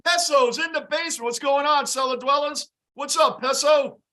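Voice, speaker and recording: Excitable high-voiced man hosting a game stream. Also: normal speed. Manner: excitable, shouts at big plays, greets chatters by name. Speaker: livestream host reacting to a game. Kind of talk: live game reaction and fan chat.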